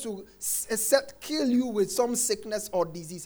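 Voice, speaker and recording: A man preaching a sermon, quoting scripture and repeating his refrain, dropping soft and then shouting. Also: sits high, expressive, a little slow, few pauses. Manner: emphatic, repeats phrases, swings between soft and shouted lines; quotes scripture, acts out congregants' complaints.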